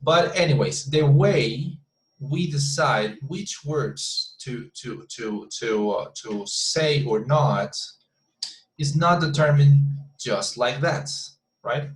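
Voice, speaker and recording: A man's voice: medium pitch, takes it slowly. Repetitive teacher man in an echoey room. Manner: frequent restarts and "you see?" check-ins. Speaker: English teacher. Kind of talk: online class lesson.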